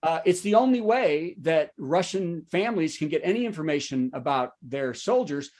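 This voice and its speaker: A man's voice: on the high side, animated, moderate pace, darkish tone. Guy riffing on the news, jokey asides, keeps asking the crowd if they saw it. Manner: joking asides, checks in with the audience. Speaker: stand-up comedian hosting a virtual show. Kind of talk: topical news monologue. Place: home setup for a virtual show.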